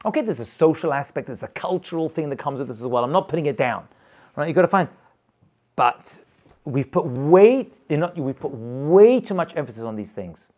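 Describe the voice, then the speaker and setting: A man's voice: a little high, animated, fairly quick, a little mellow. A man, a rabbi, teaching a live class in an informal, emphatic way, repeating points and chuckling as he goes. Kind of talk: lively informal lecture to a live group.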